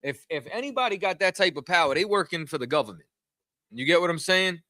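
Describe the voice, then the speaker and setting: A man's voice: on the high side, expressive, quick pace, pushed and bright, dry recording, clean studio sound. A man leading a scripture study, speaking in casual street slang and often asking "you know what I'm saying". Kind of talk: casual teaching.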